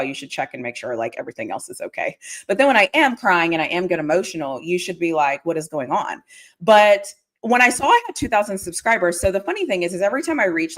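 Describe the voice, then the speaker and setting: Chatty woman with a lively, bouncing voice. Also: fairly low pitch. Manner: chatty, excitable, squeals greetings to viewers. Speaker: livestream host. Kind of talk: casual livestream chat.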